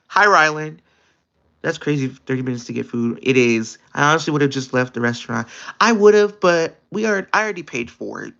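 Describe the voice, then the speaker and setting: A young man chats on a livestream with a bright, forceful voice that sits a little high. He tells his story in an animated, exasperated way, his pitch jumping up often. The audio is dull and lo-fi. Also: gravelly. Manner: animated, exasperated retelling with quick pitch jumps. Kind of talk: casual storytelling chat.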